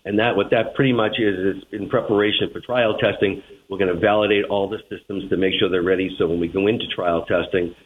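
A man with a Boston accent answers radio interview questions in a measured, plain-spoken way. His voice sits a bit low. It comes through a tinny phone line. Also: fairly even intonation. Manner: plain-spoken, measured, repeats words at starts. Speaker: transit general manager, interviewee.

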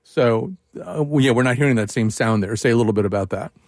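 A male radio host leading an interview in an easygoing, conversational way. His mid-pitched voice is recorded close and dry, with no room sound around it. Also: quick pace, no echo. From Northern US. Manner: casual, conversational, introduces clips.

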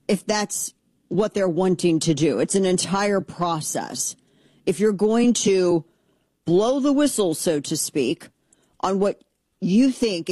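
A woman's voice: lowish voice, mellow, no echo. Fired-up sarcastic woman radio host. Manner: fired-up, sarcastic, blunt, mocking voices of opponents. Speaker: radio talk show host. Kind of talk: opinionated political talk radio monologue.

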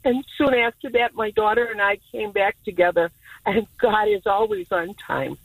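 A woman's voice: a little high, very animated, moderate pace, creaky, slightly rough, dry recording, poor audio. Woman caller, tearful, emotional, calling from a car, dry sound. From Illinois. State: emotional, near tears.

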